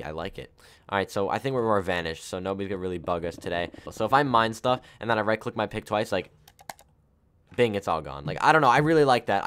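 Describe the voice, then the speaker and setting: His voice is on the low side, smooth and a bit bright. As he plays a game, this young man, a gaming YouTuber, shares a personal story in a casual, rambling way, full of fillers and correcting himself often.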